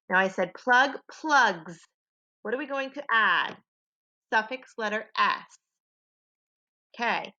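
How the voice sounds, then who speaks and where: Slow, patient woman teaching phonics. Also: on the high side, sharp tone. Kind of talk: home phonics lesson for young children. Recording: dull lo-fi home recording.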